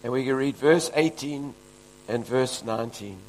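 A man's voice: mid-range voice, moderate pace, a little hiss or hum, poor audio. A man from Africa, preaching a fervent, emphatic sermon as pastor. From South Africa.

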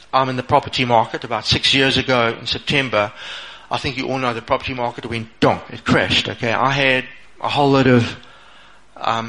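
A man's voice: mid-range voice, bright, forceful tone, low-quality recording. A middle-aged man gives an informal motivational talk, sharing a personal story and asking "okay?" again and again. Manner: conversational, repeats "okay?" often, restarts phrases. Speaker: speaker sharing a personal testimony.

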